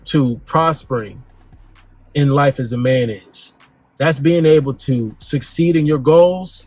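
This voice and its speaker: A man hosting a dating advice talk, speaking bluntly in slang and swinging his pitch up and down for emphasis. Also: breathy edge. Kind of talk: casual direct-to-camera monologue.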